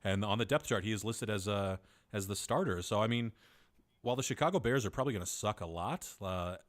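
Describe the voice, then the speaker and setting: A man's voice: fairly low pitch, fairly quick. A man co-hosting a casual sports podcast, talking things through analytically with offhand swearing. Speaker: podcast co-host.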